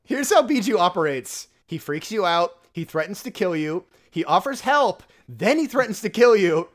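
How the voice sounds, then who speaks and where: Male co-host, animated pitch, excitable and profane. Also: moderate pace. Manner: excitable, swears freely. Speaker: podcast co-host. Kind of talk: casual film discussion.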